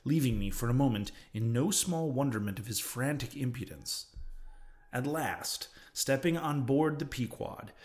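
A man narrating a classic novel as an audiobook, in a measured reading style that drops low on speech tags.

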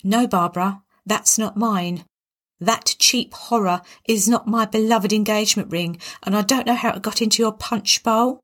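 A woman's voice: medium pitch, normal speed, a bit bright, natural voice. A woman voicing a scheming, indignant young bride-to-be in a storybook reading. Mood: defensive.

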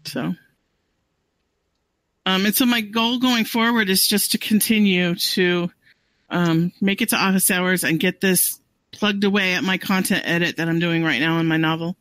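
A woman co-hosting a writers' podcast, chatting in an easygoing way with hesitant pauses. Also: on the low side, fairly even intonation, a bit bright, dry recording. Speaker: podcast co-host. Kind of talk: casual chat.

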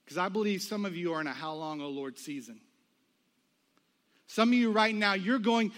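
A man's voice: high voice, animated, moderate pace, pauses often, a bit bright. A man preaching a sermon, telling a personal story and acting out the voices of the people in it. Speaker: pastor.

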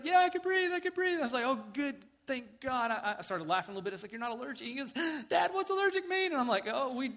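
A middle-aged man preaching in a church sanctuary, telling a story with lively acted-out quotes and frequent chuckles. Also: high voice. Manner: animated, acts out quotes, chuckles often. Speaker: pastor. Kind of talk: sermon with storytelling.

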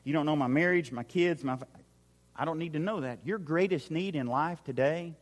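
A man's voice: on the high side, moderate pace, big-room sound. A man preaching a sermon as pastor, building his points through repeated phrases and acting out the lines he quotes. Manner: repetitive preaching cadence, acts out quoted lines. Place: large church hall with a crowd.

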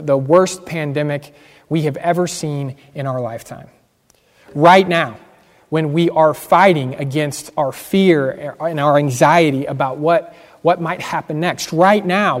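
A man preaching a sermon as pastor, earnest and emphatic, repeating key phrases. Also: fairly high pitch. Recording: long hall reverb.

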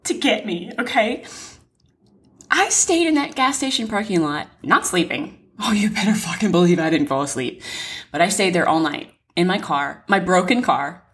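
A young woman podcast co-host telling a dramatic story in a lively, animated way, swearing and laughing as she goes. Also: medium pitch.

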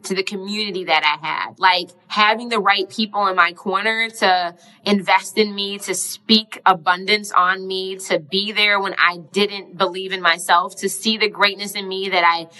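Young woman w a bright voice, heartfelt casual monologue, lots of "like", kinda teary. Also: mid-range voice, fairly even intonation, normal speed, rough recording. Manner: earnest, heartfelt, casual with filler "like". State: emotional, near tears. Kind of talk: reflective personal monologue.

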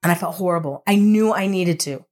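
Animated woman telling a story. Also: lowish voice, brisk. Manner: animated storyteller who acts out dialogue. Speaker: podcast host. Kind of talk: scripture reading and personal storytelling.

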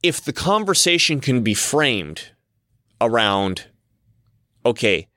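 A man's voice: mid-range voice, very animated, slow, bright, forceful tone, dry recording, studio quality. A man giving a casual, rambling monologue as a commentator, often repeating himself and restarting his sentences.

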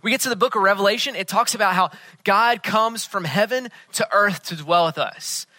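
Earnest male pastor, bright dry voice. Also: high-pitched, normal speed, no echo. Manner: earnest, dropping to a hush for emphasis. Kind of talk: sermon.

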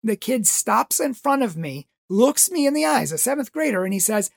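A man's voice: very high voice, very animated, normal speed, vocal fry, hardly any pauses, dry recording, clean studio sound. A man who teaches religious education tells a story with passionate pleading and acts out voices. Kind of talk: impassioned storytelling talk.

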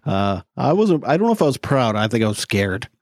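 A man's voice: medium pitch, very animated, fairly quick, darkish tone, no echo. A man talking openly as a podcast guest in casual chat, swearing freely and laughing often.

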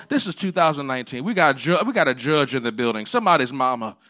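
A man a sermon in a conversational style, dropping to quiet asides and rising to shouted points. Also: mid-range voice, animated, quick pace, hardly any pauses. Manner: conversational preaching, swings between hushed asides and shouted points. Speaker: pastor.

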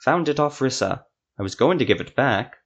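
A man voicing a calm, smug male sorcerer in a fantasy audio story, speaking in a needling way. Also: mid-range voice, moderate pace, highs cut off, voice pushed up.

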